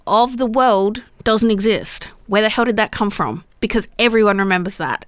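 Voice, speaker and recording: A woman's voice: medium pitch, moderate pace, hardly any pauses, fairly bright tone, no echo, studio quality. A woman hosting a solo podcast in a casual, chatty way, often laughing and asking the listener "right?". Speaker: podcast host.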